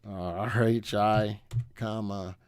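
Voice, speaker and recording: A man's voice: fairly low pitch, fairly even intonation, slow pace. Upbeat middle-aged man hosting a live stream. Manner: upbeat and joking, chatting with viewers. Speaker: stock analysis live stream host. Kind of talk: casual live stream talk.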